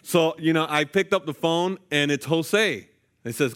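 A man's voice: a little high, unhurried, smooth. A man preaching a sermon, telling a personal story with playful jokes to the congregation. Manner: lively, jokey asides to the congregation. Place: church sanctuary.

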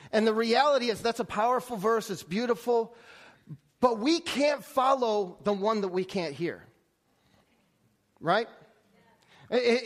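High-voiced man preaching conversationally. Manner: conversational, many restarts and rhetorical questions. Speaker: pastor. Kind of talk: sermon.

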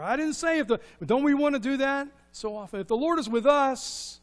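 A man preaching a sermon, animated and full of rhetorical questions, moving from loud to hushed. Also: very high-pitched, fairly quick, few pauses. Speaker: pastor.

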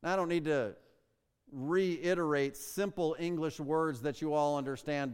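A man's voice: a little high, steady tone, darkish tone, smooth. Emphatic male preacher in a reverberant hall. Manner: emphatic preaching with rhetorical questions, slows down to stress words. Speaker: pastor. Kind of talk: sermon. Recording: long reverb of a large hall.

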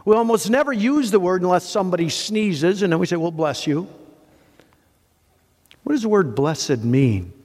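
A man preaching a sermon with animated, conversational delivery and a somewhat high voice. He poses rhetorical questions and stacks up lists of words. The sound carries a long reverb, as in a large hall. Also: brisk, few pauses. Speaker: pastor.

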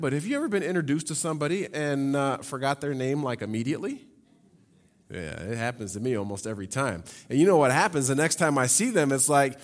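A man delivers a sermon in an animated voice that rises and falls a great deal, slightly higher than most men. He reads scripture, then talks to the congregation casually and with humor. His voice rings with the long reverb of a large hall. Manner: lively, conversational preaching with humor and asides. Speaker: pastor.

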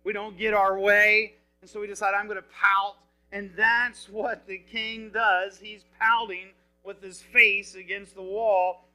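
Bright, high-voiced man preaching a sermon. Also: unhurried, poor audio. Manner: paraphrases scripture in casual everyday speech; lively and expressive, asks the listeners questions.

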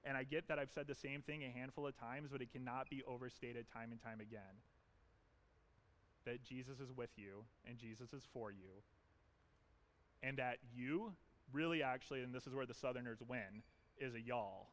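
A man's voice: mid-range voice, normal speed, a bit bright. A man pastor preaching an earnest, emphatic sermon in a church, leaning on repetition.

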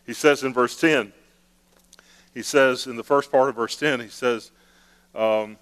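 A man's voice: mid-range voice, steady tone, measured pace, a bit bright. A male pastor preaching a conversational sermon, acting out the prayers of the congregation with playful emphasis. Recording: long hall reverb.

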